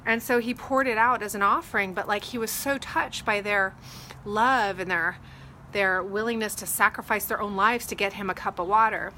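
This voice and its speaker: Uma mulher fala de forma descontraída para a câmera sobre liderança e fé, contando histórias com falas encenadas de um jeito animado. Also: female voice, medium pitch, normal speed, slight background noise. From Texas. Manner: chatty, animated retelling with acted quotes. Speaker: real estate agent vlogger. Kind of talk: casual faith talk to camera.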